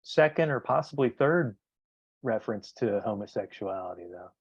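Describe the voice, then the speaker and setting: Male co-host, quick and witty, on dull, dry lo-fi audio. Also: fairly low pitch, expressive, husky, no echo. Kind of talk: casual podcast chat.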